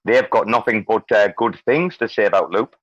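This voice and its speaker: A man's voice: on the low side, fairly quick, a bit bright, dry recording, highs cut off. A man hosting a casual online chat, rambling and blunt, swearing freely. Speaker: host. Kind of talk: casual crypto chat on a live audio stage.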